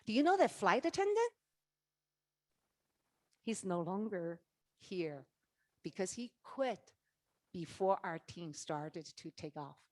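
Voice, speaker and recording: Animated middle-aged woman giving a motivational talk. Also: fairly low pitch, slow, long pauses, no room sound, clean studio sound. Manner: animated storytelling, acts out dialogue, asks the audience questions. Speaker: network marketing leader giving a keynote. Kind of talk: motivational speech. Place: conference stage.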